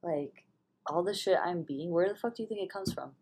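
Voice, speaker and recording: A woman's voice: on the low side, a little fast, darkish tone, slightly rough. A young woman vlogging in a rambling, candid way about her spiritual views, swearing freely. She is hungover and stuffy-nosed, and she sometimes drops into a whisper. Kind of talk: casual spiritual vlog monologue.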